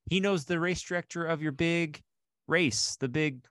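A man's voice: a little high, moderate pace, a bit bright, no echo. Man, podcast host, upbeat, chatty with fillers, dry close sound. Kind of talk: casual podcast chat.

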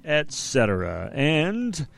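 A man's voice: fairly high pitch, wildly swooping pitch, takes it slowly, creaky, no room sound. An older man co-hosting a radio music show, chatting casually in a rambling, jokey, self-deprecating way. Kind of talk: casual on-air music chat.

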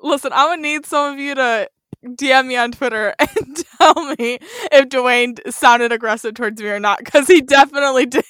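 Bright-voiced woman podcast co-host. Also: high-pitched, moderate pace, clean tone, dry recording, clean studio sound. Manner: laughing often, defensive, teasing. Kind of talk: casual podcast chat.

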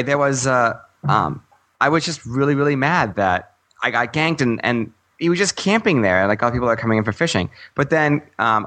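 A man's voice: medium pitch, a bit bright. A man co-hosting a gaming podcast in casual chat, rambling with fillers and laughing often. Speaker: podcast co-host.

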